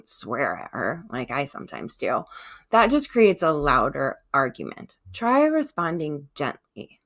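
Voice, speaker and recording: A woman hosting a self-help podcast, talking gently and encouragingly and often checking in with listeners. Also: deep voice. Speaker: podcast host.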